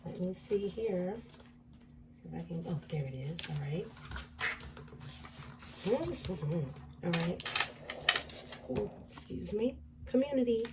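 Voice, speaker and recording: A woman gives a relaxed tarot reading, thinking aloud and repeating each card's affirmation. Her voice is mellow and a little low. It is picked up from a distance with a faint room hum behind her. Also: slow, pauses often. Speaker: tarot reader. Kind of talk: casual tarot reading to camera.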